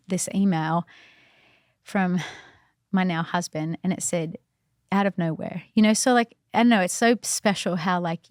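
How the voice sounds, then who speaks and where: A young adult woman, a podcast guest, telling a personal story in a casual, animated way with many fillers and restarts. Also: fairly low pitch, no room sound, studio quality.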